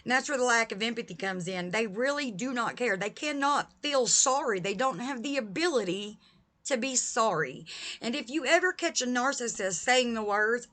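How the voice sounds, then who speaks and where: A woman with a voice pitched a little above the usual, speaking straight to her viewers in a vlog. She talks with emphatic, heated conviction and presses each point firmly. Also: pushed and bright. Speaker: vlogger. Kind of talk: direct-to-camera vlog talk.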